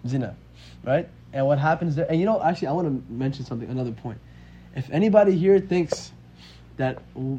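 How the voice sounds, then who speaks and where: A man's voice: on the high side, mellow. A man in his twenties telling a religious story in a casual, conversational way and often asking "right?". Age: 20s. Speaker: religious teacher. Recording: dull lo-fi audio with faint hiss.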